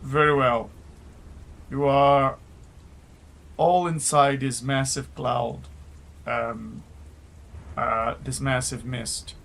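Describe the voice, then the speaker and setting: A man running a live-play tabletop game as game master, narrating haltingly with many filler sounds. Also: mid-range voice, steady tone, vocal fry, fairly bright tone.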